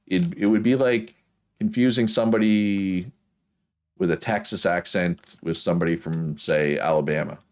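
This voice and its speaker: Gaming streamer, male, deep Prince Edward Island accent, loose rambling chat with laughs. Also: fairly even intonation, normal speed, a little mellow. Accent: Prince Edward Island, Canadian East Coast. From Prince Edward Island, Canada. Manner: rambling, chatty, laughs often. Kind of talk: casual chat while playing a game.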